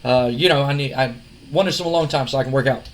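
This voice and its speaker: A man's voice: medium pitch, fast, slight background noise, close to an everyday voice. A man voicing a paranoid male wrestler who talks nervously and defensively.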